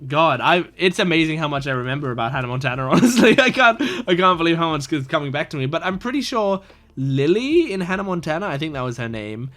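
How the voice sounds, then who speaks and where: A man's voice: on the high side, lively intonation, fast, a bit bright. A man in his twenties talking casually about an anime episode, enthusiastic and rambling, with lots of fillers and restarts. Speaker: anime reaction YouTuber.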